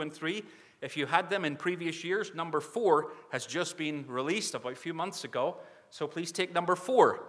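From the pulpit, a mission society speaker makes an earnest sermon appeal, pleading with his listeners over and over for prayer and support. His voice sits on the high side, bright and forceful, and it carries the sound of a big room.

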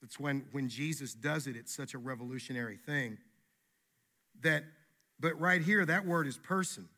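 A man, a pastor, preaching a sermon in an animated, emphatic way, often restarting his words. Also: medium pitch, moderate pace.

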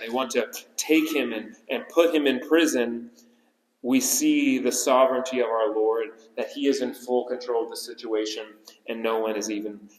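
Male pastor, sermon, repeats phrases for emphasis, long church reverb. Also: mid-range voice. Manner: repeats key phrases for emphasis, slowing on them. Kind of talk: expository sermon. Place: church sanctuary. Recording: roomy church hall reverb.

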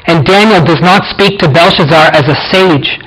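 A man's voice: a little high, moderate pace, a bit bright, slightly rough, rough recording. A man preaching a sermon as pastor, earnest, with frequent rhetorical questions to the congregation.

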